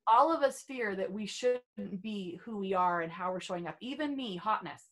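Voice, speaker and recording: A woman's voice: mid-range voice, animated, moderate pace. Bubbly, self-assured middle-aged woman. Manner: bubbly, playful and self-assured, with lots of "right?" tags. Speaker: guest, beauty trainer and author. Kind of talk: casual podcast chat.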